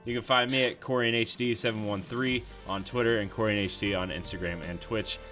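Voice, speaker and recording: A man's voice: fairly low pitch, steady tone, fast talker, bright, forceful tone, soft background music. A man hosting a gaming podcast, reading out links and sign-off in an easygoing way with fillers. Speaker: podcast host. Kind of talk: casual podcast outro.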